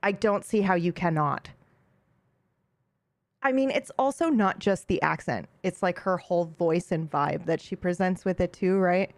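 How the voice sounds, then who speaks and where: A woman's voice: on the low side, unhurried, dry recording. A woman streamer chatting casually with her live chat, bubbly and giggly, with frequent laughs and asides.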